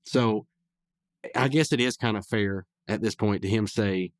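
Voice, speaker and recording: Speaking a little slowly in a lowish voice with no echo, a male podcast host rambles casually through a cartoon episode recap. He restarts often and uses many fillers.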